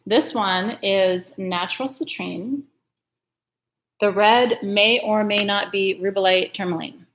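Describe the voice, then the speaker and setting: A woman's voice: medium pitch, takes it slowly, a bit bright, a little hiss or hum. A woman hosting a live-stream sale, chatting in a gushing way and laughing often. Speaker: host selling crystals. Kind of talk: live-stream sales chat.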